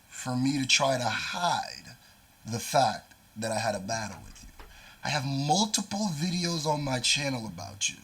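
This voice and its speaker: Husky, forceful man calling out a rival. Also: mid-range voice. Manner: confrontational, lecturing. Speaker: rapper answering a rival. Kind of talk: direct-to-camera callout.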